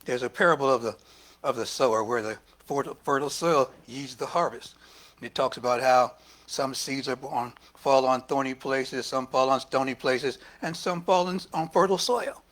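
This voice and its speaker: A man preaching a sermon as minister, lively and talking back and forth with the congregation. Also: medium pitch, moderate pace. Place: church service.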